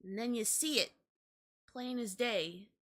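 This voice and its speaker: A young woman hosts a casual podcast and rants with exasperated, profane energy. Her voice sits a little high and rings bright and forceful. She talks like she is fed up and winding herself up. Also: measured pace. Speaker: podcast host. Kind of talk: ranting commentary.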